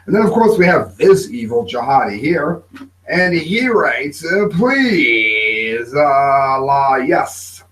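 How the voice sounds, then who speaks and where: A man hosting an opinion commentary show, mocking and sarcastic, with sudden shouted outbursts. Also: mid-range voice, very animated, slow, low-quality recording. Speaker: host.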